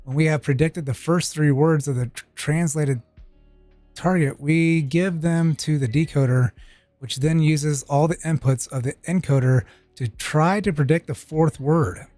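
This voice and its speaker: A man on a live stream reads a technical tutorial aloud, now and then stopping to swear or make a wry side remark. His voice sits a little high for a man. The sound is dry and close, with faint music playing underneath. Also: unhurried, warm tone, no echo. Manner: reads text aloud with casual asides and swearing.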